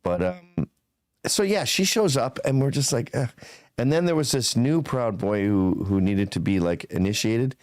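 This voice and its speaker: A man's voice: medium pitch, animated, normal speed, darkish tone, no echo. A man in his fifties, a podcast guest telling stories in a blunt, profane, casual way. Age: 50s.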